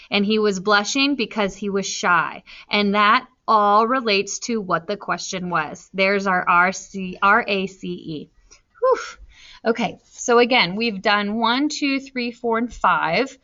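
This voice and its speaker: A woman teacher talking slowly and deliberately through a recorded reading lesson, spelling out her answers as she writes them. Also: mid-range voice, sharp tone. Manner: slow, deliberate, spelling out answers while writing. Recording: slightly dull lo-fi recording.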